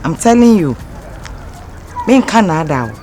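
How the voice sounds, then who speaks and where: A woman's voice: on the low side, very animated, unhurried, warm tone, slight background noise. A woman with a Ghanaian accent playing a miserable young wife who complains about her husband in a mix of Twi and Pidgin English. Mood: distressed. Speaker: distressed wife. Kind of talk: Ghanaian comedy film acting.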